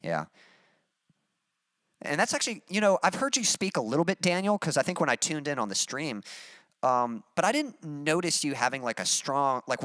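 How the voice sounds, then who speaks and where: A man from Texas with a mild Texas accent, a musician chatting casually on a livestream and reading out his chat, relaxed and rambling with many fillers. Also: medium pitch, dry recording, studio quality. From Texas, USA.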